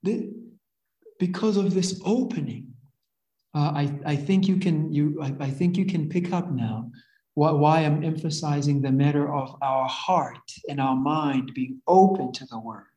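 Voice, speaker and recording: A man gives a sermon slowly and earnestly, pausing to rephrase and repeat himself as he works through his point. His voice is soft and warm, and it rings in an echoey room. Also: on the high side. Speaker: preacher.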